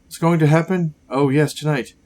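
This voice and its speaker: A man voicing a gaunt, sickly male scientist villain, reading game dialogue aloud in a grave, measured way. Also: fairly high pitch, fairly even intonation, a little mellow, close to an everyday voice.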